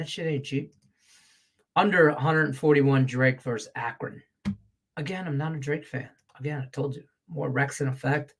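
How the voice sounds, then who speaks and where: A middle-aged man, a sports betting handicapper, talking bluntly and profanely in a rambling, casual way on a picks show. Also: medium pitch.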